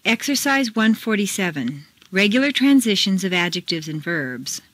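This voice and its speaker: A woman reading scripted pronunciation drills as a teacher, slow and deliberate, contrasting word stress. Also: medium pitch, big pitch swings, fairly bright tone, dry recording.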